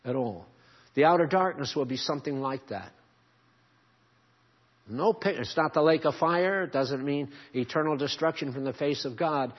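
A man preaching a sermon as pastor, shifting between quiet asides and loud, emphatic climbs. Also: fairly high pitch, slightly rough. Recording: dull lo-fi sermon recording.

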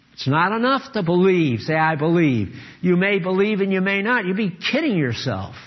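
Slow-preaching older man, lo-fi. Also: breathy edge. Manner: earnest, emphatic, swings between low grave tones and raised exhortation. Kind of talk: sermon.

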